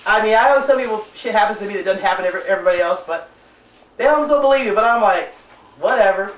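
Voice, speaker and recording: A woman hosting her own cooking show, chatting loosely with many filler pauses as she tells a story while she cooks in her kitchen. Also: medium pitch, far from the mic, lo-fi sound. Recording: roomy sound, voice off-mic, faint noise.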